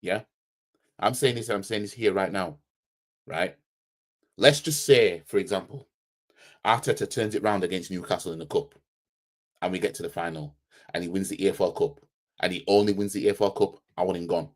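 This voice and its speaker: A man's voice: deep voice, fairly quick, long pauses. A man hosting a football fan channel, giving a heated, blunt match reaction full of slang and repeating himself for emphasis.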